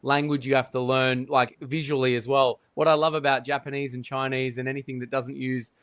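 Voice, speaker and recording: A man's voice: medium pitch, little pitch movement, brisk, a bit bright, smooth. A man hosting an interview, friendly and enthusiastic, laughing easily. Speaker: host. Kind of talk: casual interview.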